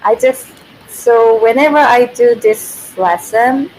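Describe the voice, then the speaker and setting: Woman, native Korean speaker, casual teacher, self-correcting, slightly high voice, faint noise. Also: takes it slowly, darkish tone, poor audio. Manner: thinks aloud, self-corrects, laughs often. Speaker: Korean language teacher on a livestream. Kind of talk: casual explanatory lesson.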